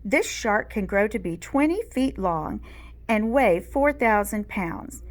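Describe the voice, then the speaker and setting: A woman's voice: medium pitch, lively intonation, takes it slowly. A woman voicing an earnest young schoolboy who loves sharks, in a storybook read aloud, speaking carefully.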